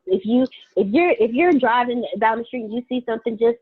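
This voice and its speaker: Woman co-host, upbeat and chatty, slightly high husky voice, tinny phone-like sound. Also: brisk, hardly any pauses. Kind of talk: casual talk.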